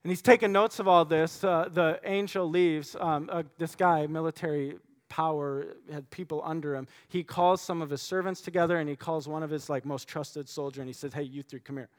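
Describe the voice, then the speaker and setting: Guy pastor with a high voice, preaching, reads the verses then acts out the story. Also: moderate pace. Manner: animated storytelling, acting out voices. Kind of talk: sermon.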